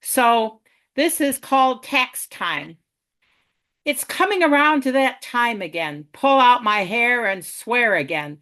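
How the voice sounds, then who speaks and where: A woman's voice: medium pitch, fairly bright tone. A woman poet reading a wry, ranting rhymed poem over a video call. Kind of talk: rhyming poetry reading.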